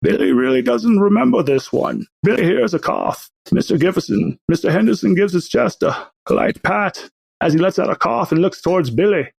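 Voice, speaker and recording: A man narrating as game master in a tabletop game, chatty and animated. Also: high voice, moderate pace, creaky, slightly rough, no echo.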